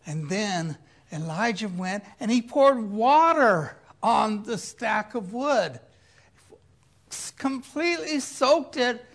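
A preacher retelling a Bible story in an animated way, with playful asides, swinging between loud emphasis and quiet reflection. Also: medium pitch, slow pace.

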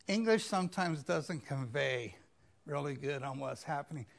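A man's voice: a little high, expressive, moderate pace, creaky. A man preaching a sermon, retelling scripture in a conversational way and mimicking pleading voices. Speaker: pastor.

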